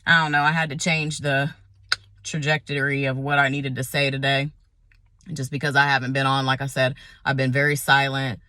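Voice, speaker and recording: Frustrated woman nurse venting, bright voice. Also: rumbling low, little pitch movement, moderate pace, dry recording, studio quality. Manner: frustrated, emphatic, repeats herself. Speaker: nurse vlogger. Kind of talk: impassioned vlog rant.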